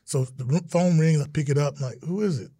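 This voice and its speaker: A middle-aged man, a guest in an interview, telling stories in a lively way and acting out the quotes. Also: on the high side, fast talker, husky, no room sound. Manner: animated storyteller, acts out quotes, exclamations. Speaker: interview guest, retired football player. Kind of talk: casual interview storytelling.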